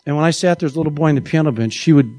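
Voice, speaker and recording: A male pastor delivering a lively sermon in a high voice. He talks with a playful, animated manner and acts out quoted voices. His voice is close and dry, with no room echo. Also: racing.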